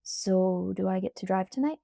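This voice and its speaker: A woman voicing an easygoing, playful teenage boy in an audiobook, with relaxed, slower, softer delivery. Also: medium pitch, creaky, no room sound, natural voice.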